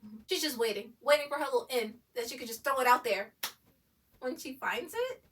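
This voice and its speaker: A woman recapping a TV episode in animated, gushing casual commentary. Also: high voice, a little fast, distant mic, heavy background noise. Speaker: TV recap vlogger.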